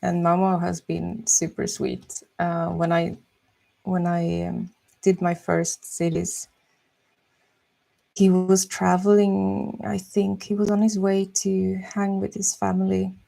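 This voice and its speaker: A young woman chatting softly and musing slowly while she draws on a live stream. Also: on the low side, completely flat delivery, vocal fry. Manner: soft-spoken, slow and musing. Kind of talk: casual chat while drawing.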